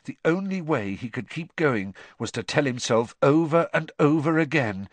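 An expressive audiobook narrator reading a story with drama and suspense. The voice sits mid-range but moves animatedly up and down. The recording is dry and close to the mic. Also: medium pitch, normal speed, hardly any pauses, no echo.

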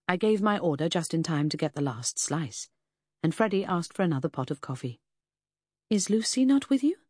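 A woman reading a first-person novel aloud in a measured, even storytelling way. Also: sits low, no room sound, clean studio sound. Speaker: audiobook narrator. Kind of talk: scripted first-person narration.

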